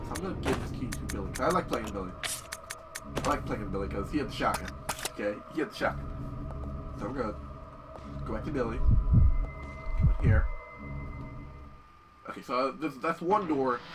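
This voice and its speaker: A man casually commentating on a horror video game as he plays, excitable and swearing often. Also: medium pitch, distant mic. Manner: excitable, profane, yells at the game. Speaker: gameplay commentator. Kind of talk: casual let's-play commentary.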